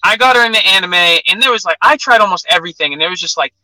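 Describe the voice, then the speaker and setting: A man's voice: high voice, expressive, racing, pushed and bright, no room sound, low-quality recording. A young man chatting casually as an interview guest, telling stories with lots of "like". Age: young adult. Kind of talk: casual chat.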